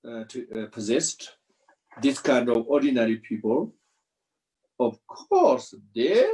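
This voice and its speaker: Brief: male Buddhist teacher, unhurried, halting restarts, video-call audio. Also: mid-range voice, sing-song, mellow, low-quality recording. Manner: slow, halting non-native English with restarts. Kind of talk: dharma teaching commentary.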